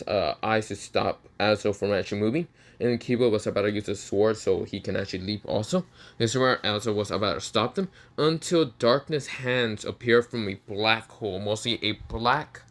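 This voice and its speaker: Hesitant man telling a fan story. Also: fairly low pitch. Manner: hesitant, many fillers and restarts. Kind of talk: improvised fan-story narration.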